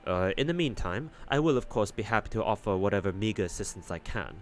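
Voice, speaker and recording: A man voicing a melancholy, courteous knight archer in a visual-novel read-through, speaking slowly and quietly. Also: on the low side, animated, a little hiss or hum, close to an everyday voice. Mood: subdued. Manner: slow, subdued, courteous. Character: melancholy gentle knight archer, soft-spoken.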